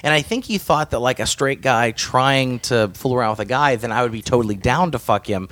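A man's voice: mid-range voice, fairly quick, fairly bright tone, no echo. A man, a comedian guest, speaking candidly in an interview, often stammering and chuckling.

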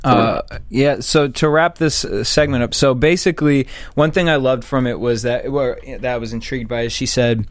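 A man in his late twenties hosting a casual podcast, talking in a chatty, halting way. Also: mid-range voice, no echo. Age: late 20s. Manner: chatty, halting, many restarts.

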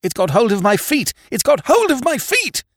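A man's voice: extremely high pitch, wildly swooping pitch, normal speed, dry recording, clean studio sound, voice pushed up, heavily acted. A man doing a screaming second mate. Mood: panicked. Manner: screaming in panic. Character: terrified young ship's second mate.

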